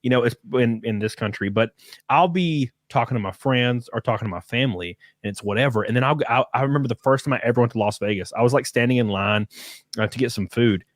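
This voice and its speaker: A man's voice: medium pitch, fast, dry recording, clean studio sound. A man with an Alabama accent, rambling through stories in casual chat and poking fun at himself. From rural Alabama. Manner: rambling storyteller, self-mocking, swears freely. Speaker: stream host.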